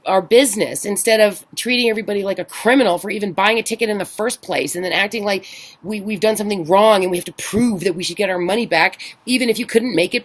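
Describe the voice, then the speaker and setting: Chatty middle-aged woman, rambling story. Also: medium pitch. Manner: animated storytelling, acts out quoted phone calls; rambling with many restarts. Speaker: vlogger. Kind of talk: casual chat.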